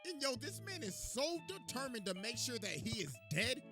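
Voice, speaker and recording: Animated slangy comedic storyteller, man. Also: normal speed, over music. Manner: animated, slangy storytelling with sudden shifts in pitch and volume. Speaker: comedic anime recap narrator. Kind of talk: comedic recap with character voices.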